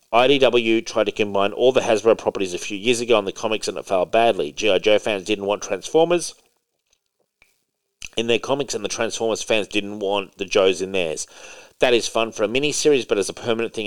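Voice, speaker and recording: A man's voice: fairly low pitch, clean tone. A man co-hosting a casual podcast about comics and movies, rambling and emphatic, swearing now and then. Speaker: podcast co-host.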